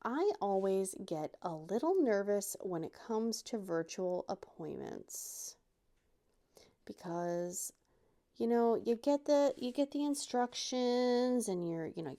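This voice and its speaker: A woman's voice: medium pitch, animated, unhurried, mellow. Woman vlogger, chatty crafting host, rambling and self-mocking. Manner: chatty, self-deprecating, rambling with many restarts.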